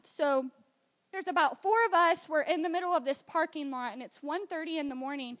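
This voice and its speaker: High-voiced young woman giving excited testimony. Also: moderate pace. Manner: animated storytelling with many fillers. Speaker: church member giving testimony.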